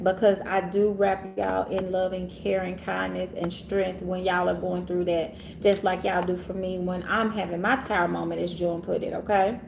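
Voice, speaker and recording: A woman reader hosting a casual livestream, animated and laughing often, talking straight to her viewers in a room in the city. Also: lowish voice, normal speed, vocal fry, hardly any pauses, slight background noise. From Orange Mound, Memphis area, USA. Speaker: tarot reader and livestream host. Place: city hotel room, sirens outside.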